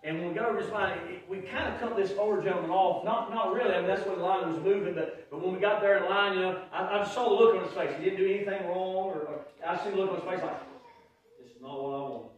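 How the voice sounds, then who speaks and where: A man preaching a sermon as pastor, telling folksy stories and swinging from quiet asides to loud shouts. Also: high voice, steady tone, fast talker, hardly any pauses, lo-fi sound. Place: church sanctuary. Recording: very echoey church hall, mic far off.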